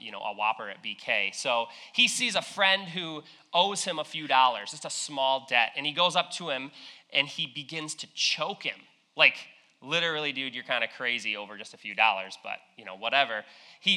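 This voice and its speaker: A man's voice: medium pitch, bright, forceful tone. A young man preaching a sermon in a casual, conversational way, retelling a parable with slang and acted-out quotes.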